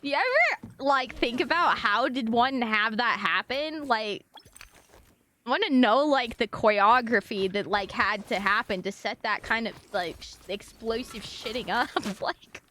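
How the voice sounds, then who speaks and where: A woman's voice: a little high, animated, unhurried, bright, forceful tone, a little hiss or hum. A young woman streaming live, chatting casually with her viewers in a giggly, rambling, apologetic way.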